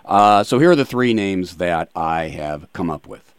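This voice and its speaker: Male talk radio host, lowish pitch, playful self-deprecating banter, dry studio sound. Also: expressive, no echo. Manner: joking, self-deprecating, quick asides. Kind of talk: casual radio chat.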